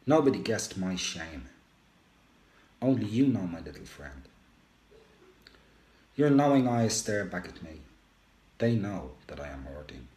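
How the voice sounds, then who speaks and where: A man reads a first-person poem slowly and emotively, his low voice swinging widely between rises and hushed drops. The room around him is roomy and echoey. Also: very animated. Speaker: radio show host.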